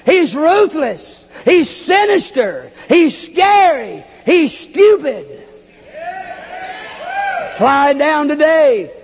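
A man preaching a sermon at a conference, listing charges in an emphatic litany and often shouting. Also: extremely high pitch, vocal fry. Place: conference hall. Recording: long hall reverb.

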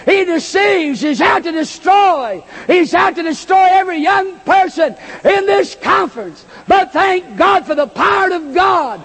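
A man preaching a sermon at a conference, listing charges in an emphatic litany and often shouting. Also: very high voice, expressive, a little slow, gravelly, few pauses. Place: conference hall. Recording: long hall reverb.

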